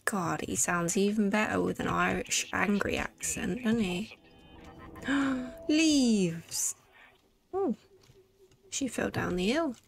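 A woman chatting through a let's play in an unhurried, gravelly voice, joking and muttering to herself as she plays. Her commentary is casual and playful. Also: mid-range voice. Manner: chatty, jokey, talks to herself.

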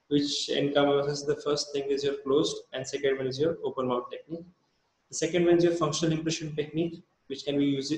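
A man with an Indian English accent giving a dental lecture, halting with fillers and restarts. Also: fairly high pitch, darkish tone, reverberant, poor audio. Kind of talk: recorded lecture.

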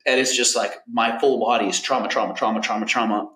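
A man's voice: mid-range voice, steady tone, fast talker, pushed and bright. A young man from Canada telling his story as a podcast guest in a loose, casual way, full of filler words.

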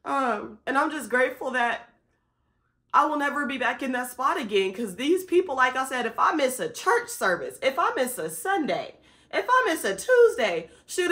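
A young woman with a bright, clear tone talks into her camera in a candid personal vlog. She sounds tired and close to tears. She addresses her viewers directly and speaks with open feeling. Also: high voice. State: tearful and tired. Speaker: vlogger. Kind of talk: emotional personal vlog talk.

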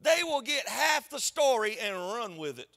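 A man, a pastor preaching a sermon in a church in an animated, conversational storytelling way. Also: very high-pitched, a little slow, vocal fry. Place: church sanctuary.

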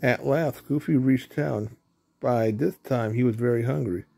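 A man reading a children's storybook aloud, steady with small slips. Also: medium pitch, unhurried, creaky, slightly rough, no room sound. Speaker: storybook reader.

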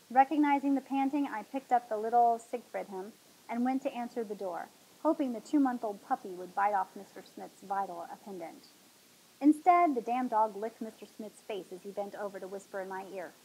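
A woman hosting a talk show, reading a novel aloud in a dramatic, expressive way. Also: fairly high pitch, moderate pace, husky, rough recording.

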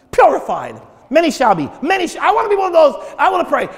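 A man preaching a sermon from the pulpit, breaking into shouted prayers and repeating his words as he builds. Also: very high voice, huge pitch swings, quick pace, hardly any pauses. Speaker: pastor. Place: church sanctuary at the pulpit. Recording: long reverb of a church hall.

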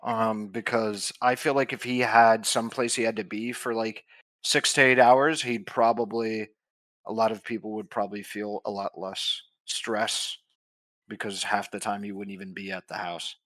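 A man's voice: on the low side, little pitch movement, moderate pace, a bit bright, no echo. A man chatting casually, wry and matter-of-fact. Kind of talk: casual chat.

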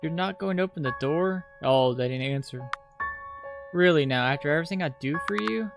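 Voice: medium pitch, animated, fairly quick, creaky. A streamer voicing a basement monster that imitates a parent's voice, coaxing and accusing in turn, read aloud from the game. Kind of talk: reading game dialogue aloud. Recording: loud piano music behind.

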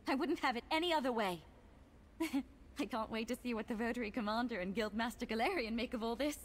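A woman's voice: fairly high pitch, brisk, natural voice. An actress voicing an eager, curious young woman scholar companion in a video game, talking with enthusiasm. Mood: excited.

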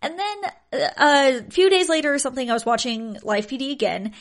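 A young woman hosts a podcast and tells odd stories in a relaxed, chatty way. Her voice sits a little high, and she keeps breaking into amused disbelief and laughter. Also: fairly quick. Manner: incredulous, often laughing at the stories. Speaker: podcast host. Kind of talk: casual storytelling chat.

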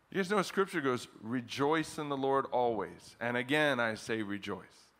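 Bright-voiced preaching pastor. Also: male voice, medium pitch. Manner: animated preaching, chuckles often, voice jumps up for emphasis; chants a scripture refrain slowly, leading the congregation. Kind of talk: sermon. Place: church service in front of a congregation.

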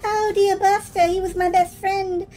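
A woman's voice: very high-pitched, level tone, a little slow, warm tone, voice pushed up. Woman doing a timid little girl. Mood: fretful.

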